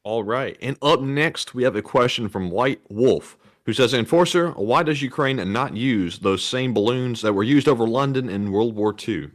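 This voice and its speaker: A man co-hosting a live stream, relaxed as he reads out viewer questions. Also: mid-range voice, moderate pace, few pauses. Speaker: co-host reading viewer questions.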